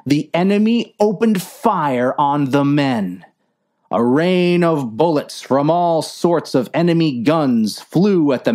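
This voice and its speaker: A woman reading a clumsy war story aloud in a slow, mock-earnest narration. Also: sits low, dark tone. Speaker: story reader.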